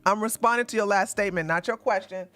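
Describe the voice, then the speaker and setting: A man's voice: sits high, fast, sharp tone. A man hosting a livestream, ranting combatively and mocking his opponents with heavy profanity and repetition. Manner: repeats lines for emphasis, laughs scornfully. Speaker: livestream host. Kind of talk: livestream commentary rant.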